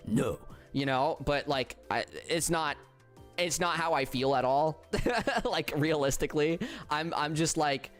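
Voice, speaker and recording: A tired man streaming a racing game, chatting casually with viewers in a flat, subdued way with halting restarts. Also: mid-range voice. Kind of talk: casual livestream chat with viewers.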